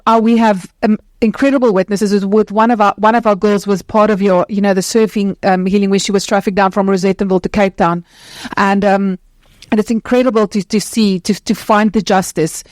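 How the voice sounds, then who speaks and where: A woman speaking on a conference stage as the founder of an anti-trafficking charity. She talks passionately and earnestly, in quick bursts with many restarts. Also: medium pitch, steady tone, a little mellow, dry recording. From South Africa.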